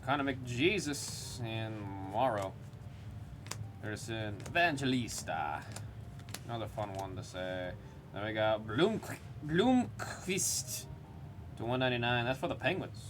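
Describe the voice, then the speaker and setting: A man in the middle of a card break, reading out the names on each card as it comes up. His voice sits at an everyday mid pitch, and a faint hiss runs under it. He rambles and jokes in a loose, casual way between the pulls. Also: fairly bright tone. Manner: reads out player names as he goes. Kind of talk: live commentary while opening cards.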